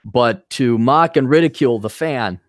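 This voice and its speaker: A man's voice: medium pitch, normal speed, no echo, clean studio sound. A man hosting a podcast, telling crude jokes and stories over a video call. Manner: crude, joking, animated storytelling with voiced quotes. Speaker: podcast host. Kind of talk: casual chat.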